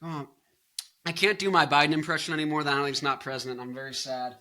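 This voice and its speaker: Bright-voiced young man rambling casually. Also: on the high side, level tone, brisk. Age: 20s. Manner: rambling, filler-heavy, joking. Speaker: vlogger and musician. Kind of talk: casual opinion vlog.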